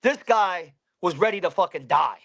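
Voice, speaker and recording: A man's voice: high-pitched, expressive, moderate pace, gravelly, a bit bright. A man in his thirties from Pennsylvania, a fighter telling a story in an interview, blunt and heavy with swearing.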